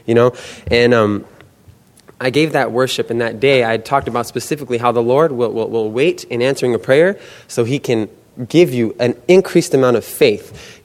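A young man giving an animated testimony, acting out the voices in his stories. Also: medium pitch. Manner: animated storytelling, acts out quoted voices. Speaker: student book canvasser. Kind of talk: testimony talk. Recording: long hall reverb.

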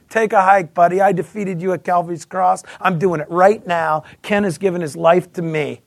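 A man in his fifties shares his testimony in a sermon, speaking at normal speed in a high voice with vocal fry and barely pausing. He tells his story energetically, repeating words and acting out other people's voices. There is no room sound.

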